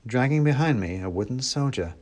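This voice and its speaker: A man reading a storybook aloud, animated and wry, acting out the dialogue. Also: medium pitch, brisk. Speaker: audiobook reader. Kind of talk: expressive storybook narration.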